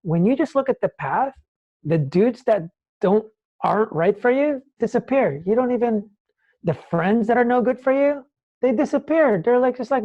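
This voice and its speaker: A man, a nonprofit founder, talking as an interview guest and acting out scenes in a lively, casual storytelling way. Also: very high voice, moderate pace, dull audio. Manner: animated, acts out scenes, many "like"s.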